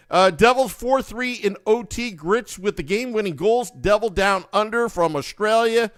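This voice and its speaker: A man's voice: high voice, moderate pace, few pauses, dry recording, clean studio sound. A man hosting a live hockey podcast, upbeat and hyping positivity while reading viewer comments aloud. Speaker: podcast host.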